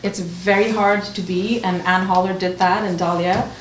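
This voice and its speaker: Expressive woman storyteller in an echoey room. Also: medium pitch, normal speed. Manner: animated storytelling, acting out quoted friends. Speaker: author on a panel. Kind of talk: panel discussion. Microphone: distant mic. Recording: echoey room, distant mic, noisy.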